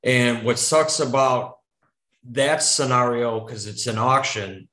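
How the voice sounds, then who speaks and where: Man guest, chatty storyteller, mid-pitched, loose and rambling, roomy echo. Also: takes it slowly, bright, forceful tone. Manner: rambling, with frequent restarts and casual swearing. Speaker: podcast guest. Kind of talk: casual conversational storytelling. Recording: echoey room.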